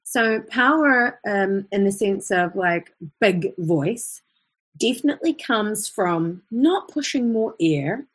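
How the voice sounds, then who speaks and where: Slow and expressive, a woman speaks in a mid-range voice with an Australian accent while teaching singing live online. As a chatty voice coach, she interrupts her explanations with brief vocal demonstrations.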